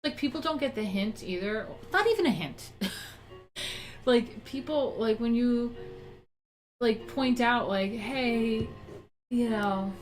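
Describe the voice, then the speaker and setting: A woman's voice: mid-range voice, poor audio. A woman in her thirties hosts a casual live stream from her home office, with a middle-of-the-range voice. She talks bluntly, swears freely and rants like she's chatting with friends.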